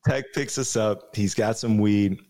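Laid-back low-voiced man from Chicago. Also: unhurried, dark tone, slight background noise. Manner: laid-back, swears freely, slangy storytelling. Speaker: guest DJ. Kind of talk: casual chat.

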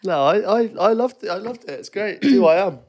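A man's voice: sits high, animated, fairly quick, darkish tone, no room sound, studio quality. A man co-hosting a podcast in casual chat, easygoing and self-mocking, laughing often. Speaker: podcast co-host.

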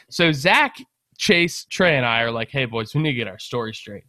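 A young man casually telling a long story on a podcast, animated, swearing and laughing as he goes. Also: a little high, moderate pace, no echo. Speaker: podcast co-host.

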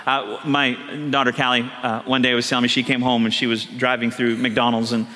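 A middle-aged man preaching a sermon as pastor, telling lively stories with animated acted quotes. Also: mid-range voice, a little fast, a little hiss or hum. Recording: long hall reverb.

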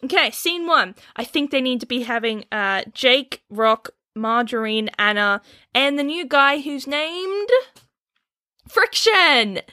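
A woman's voice: sits high, lively intonation, bright, forceful tone. A young woman, co-hosting a podcast in giggly, teasing casual chat while planning a story. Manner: giggly, teasing, quick back-and-forth. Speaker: podcast co-host.

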